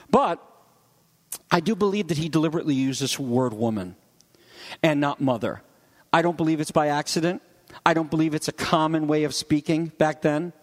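Animated preacher with hall reverb. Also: male voice, on the high side. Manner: conversational, animated, acts out quoted voices. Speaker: pastor. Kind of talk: sermon.

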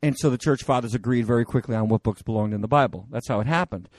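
A male pastor preaching a conversational sermon, animated and digressive, with many fillers and restarts. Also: medium pitch, fast talker, no room sound.

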